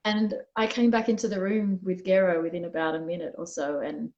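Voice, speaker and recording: A woman's voice: lowish voice, flat delivery, a little fast, a little mellow, muffled recording. A woman being interviewed as a guest, telling a personal story in a candid, reflective way and often restarting her sentences. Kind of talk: conversational interview.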